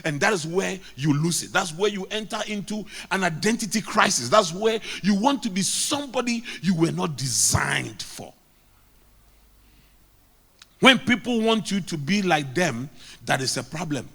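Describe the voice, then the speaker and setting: Middle-aged Ghanaian pastor, male, raised pitch, preaching with emphatic repetition. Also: expressive, moderate pace, creaky, pushed and bright, slightly rough. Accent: Ghanaian English. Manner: emphatic preaching with repeated lines. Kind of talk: sermon.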